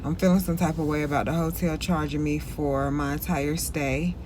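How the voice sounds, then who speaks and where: A woman's voice: low voice, fairly even intonation, normal speed. Frank woman vlogging on a noisy street. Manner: frank, irritated venting, then motivational. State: hot, sweaty and out of breath. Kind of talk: casual vlog talk to camera. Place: outdoors on city streets. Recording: street noise under the voice. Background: street and traffic noise.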